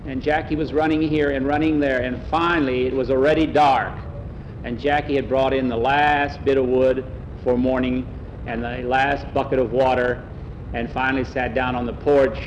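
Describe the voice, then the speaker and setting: A man's voice: medium pitch, level tone, moderate pace, lo-fi sound, a little hiss or hum. A man telling a story aloud in a plain, folksy way, often repeating "he says". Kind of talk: oral storytelling.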